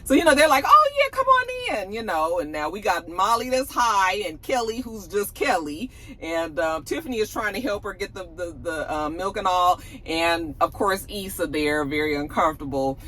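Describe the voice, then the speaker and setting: A woman's voice: fairly low pitch, animated, normal speed, few pauses, fairly bright tone, a little hiss or hum, poor audio. A woman recapping a TV episode in a chatty, slangy way, laughing often. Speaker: TV episode reviewer. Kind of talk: casual TV recap.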